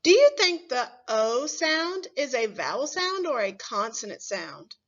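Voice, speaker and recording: Teacher lady doing a phonics lesson for first graders, super slow and clear, kinda muffled recording. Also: sits high, sing-song. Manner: slow, clearly sounded-out words with questions to the class. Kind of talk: phonics lesson for young children.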